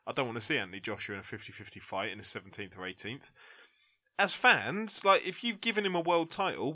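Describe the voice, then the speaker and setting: A man in a casual podcast debate, a blunt, animated boxing pundit who says "like" often. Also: on the high side. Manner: blunt, animated ranting with frequent "like".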